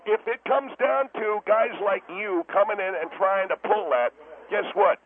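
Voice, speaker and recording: A man's voice: high-pitched, lively intonation, a little slow. A man playing a brash steakhouse owner who calls in to a radio show, talking defensively and stammering as he backpedals. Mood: blustering. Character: brash blustering male steakhouse owner on the phone. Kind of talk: comedic radio phone-in character. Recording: tinny phone line with faint hiss.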